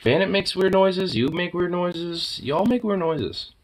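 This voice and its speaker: A man's voice: sits high, unhurried, a little hiss or hum. A man chatting playfully with his pets at home, teasing them with mock insults and swearing, then cooing baby talk at them. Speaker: pet owner talking to his cats.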